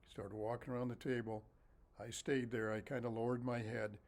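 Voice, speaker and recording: Lively man telling a childhood story. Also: mid-range voice, moderate pace. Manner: lively, animated, laughs often. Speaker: storyteller and author. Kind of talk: casual anecdotal storytelling.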